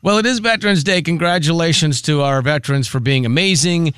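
Man, radio host, smooth clear voice, dry close sound, casual joking banter. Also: a little high, fairly bright tone, no echo. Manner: joking, halting and restarting when serious.

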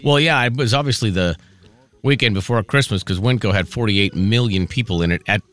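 A man's voice: lowish voice, fairly quick, a bit bright. A man hosting a morning radio show in a studio, telling a self-mocking story in casual banter and laughing often. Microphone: studio microphone.

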